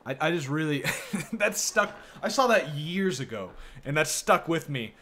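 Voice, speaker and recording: A man's voice: a little high, sing-song, measured pace, few pauses, sharp tone, a little hiss or hum. An American man streaming a game, chatting casually and laughing as he comments. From United States. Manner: laughs often, reads game dialogue aloud, loose and joking.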